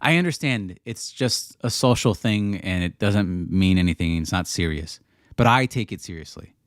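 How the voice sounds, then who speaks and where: Low-voiced man rambling on a livestream. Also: expressive, moderate pace, dry recording, studio quality. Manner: rambling, ranting, frequent restarts. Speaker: livestream host answering chat. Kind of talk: casual livestream Q&A.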